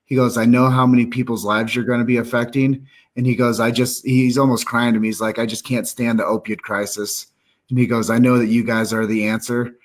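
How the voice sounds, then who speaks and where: A man's voice: medium pitch, level tone, a little fast, hardly any pauses. A man hosting a live stream, speaking earnestly and upbeat, addressing viewers directly. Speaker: live show host. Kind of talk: casual live-stream chat.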